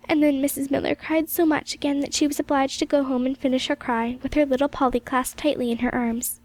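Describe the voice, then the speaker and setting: A woman reading a classic novel aloud as an audiobook, in gentle, measured storytelling narration. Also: sits high, little pitch movement. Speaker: audiobook reader.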